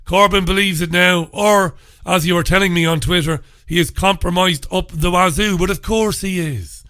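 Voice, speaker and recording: A man's voice: high voice, steady tone, normal speed, few pauses, sharp tone, dry recording, clean studio sound. Sarcastic Irish man ranting on radio. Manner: sarcastic, ranting, mock questions. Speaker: radio host. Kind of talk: solo talk radio commentary.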